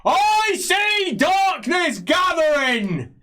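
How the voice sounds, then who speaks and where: A man's voice: sits high, sing-song, slow, a bit bright, voice pushed up, heavily acted. A man voicing an old grey-haired street priest who declaims dazed prophecies. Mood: ominous.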